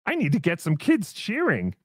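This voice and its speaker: Animated, congested man hosting a live stream. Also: high voice, moderate pace, no echo, studio quality. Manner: animated, reads out donations with exclamations. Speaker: podcast host.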